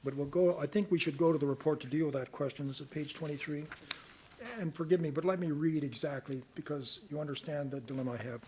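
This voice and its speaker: An older man answering reporters' questions at a news conference, measured and earnest, sometimes reading passages aloud. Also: on the high side, a little mellow, a little hiss or hum. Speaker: special rapporteur answering press questions.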